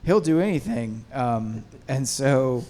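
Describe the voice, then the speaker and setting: A man's voice: medium pitch, animated, slow pace, warm tone. A man on a film panel, telling a rambling casual story about stepping in as an actor. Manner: rambling, many fillers and restarts.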